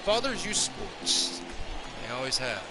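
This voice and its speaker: A man's voice: wildly swooping pitch, measured pace, over loud music. A man hosting a gaming channel, giving rambling, self-deprecating play-by-play as he plays a baseball video game. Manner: rambling, self-deprecating, calls pitches as they happen. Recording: loud background noise.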